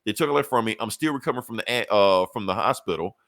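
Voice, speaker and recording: A man's voice: lowish voice, rapid-fire, a bit bright, dry recording. A man doing a brash, profane armored hero. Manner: profane, sarcastic. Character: cocky armored male superhero inventor, brash.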